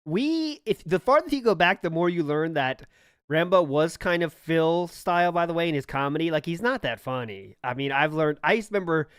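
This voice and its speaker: A man in casual podcast talk with a fairly high voice, blunt and quick to swear. He acts out what others said in short quoted bits. The sound is dry and close, with no room around him. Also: expressive, fairly bright tone, smooth, no room sound. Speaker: podcast co-host.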